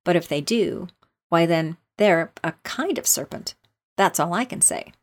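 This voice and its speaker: A woman voicing a suspicious mother pigeon who scolds in a shrill, contemptuous voice, in a storybook reading. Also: expressive, a little slow. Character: shrieking, suspicious mother pigeon guarding her eggs.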